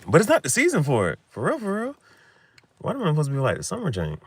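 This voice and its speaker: A young man talking casually late at night in loose slang, laughing often and swinging between loud bursts and mumbles. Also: a little high, huge pitch swings, fast talker, breathy edge, no echo. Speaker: vlogger.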